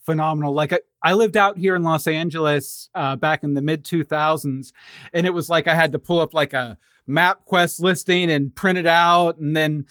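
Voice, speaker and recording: A man's voice: on the high side, fairly even intonation, normal speed, fairly bright tone, dry recording, clean studio sound. A man hosting an interview podcast, asking questions in an easygoing way and laughing along. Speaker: podcast host. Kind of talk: casual interview chat.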